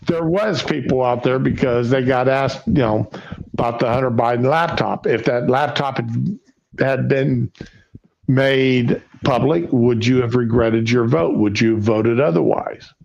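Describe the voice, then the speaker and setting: A man hosts a casual talk stream, speaking at a slow, drawn-out pace. He is folksy and answers his own rhetorical questions. The audio is dull and lo-fi. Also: mid-range voice, vocal fry, darkish tone. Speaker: livestream show host. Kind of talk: casual political chat.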